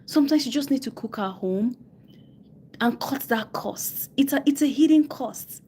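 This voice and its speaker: A woman's voice: high-pitched, moderate pace, dark tone, husky. A woman giving personal finance advice as a coach on a live stream, with a West African English accent, stressing points by repeating phrases. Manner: emphatic, repeats key phrases, quotes people in mock voices.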